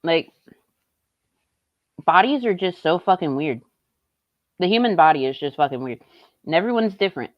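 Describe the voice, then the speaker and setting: A young woman talks live to her stream, blunt and sarcastic, with plenty of swearing. Her voice sits low, and her mic sounds dull and dry, with no room around it. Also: expressive, normal speed, pauses often, no room sound. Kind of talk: casual live-stream commentary.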